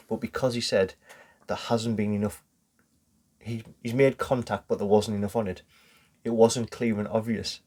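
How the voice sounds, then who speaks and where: A lower-pitched man talks through a match on a casual podcast. He walks through each point step by step and drops the odd swear word without fuss. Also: fairly even intonation, brisk, a little mellow. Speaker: podcast co-host. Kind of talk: casual football podcast chat.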